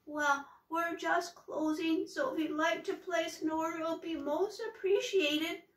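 A woman's voice: very high-pitched, a little slow, recorded from a distance, pitched above the performer's own voice. A woman voicing a timid young troll shopkeeper who speaks in a trembly, wobbly, meek voice, in an echoey room. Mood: nervous.

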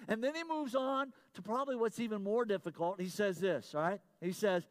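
A middle-aged male pastor with a notably high voice delivers a sermon. He drives points home loudly, repeats key phrases for the congregation, then drops into low, confiding asides. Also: fairly quick, hardly any pauses.

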